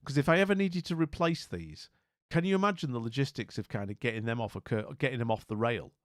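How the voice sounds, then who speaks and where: A man chatting on a live stream, bemused and rambling, tripping over his own restarts. His voice sits at an ordinary middle pitch. The mic is close and dry, with no room sound at all. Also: animated, quick pace, no room sound. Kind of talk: casual live-stream commentary.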